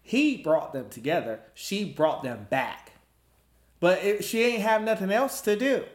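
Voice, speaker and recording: A man chats casually as podcast host, his slightly high voice swinging widely as he gets animated. He slips into squeaky impressions mid-story. The room is echoey. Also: a little slow. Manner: animated, jumps into high-pitched mimicry. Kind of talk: casual chat.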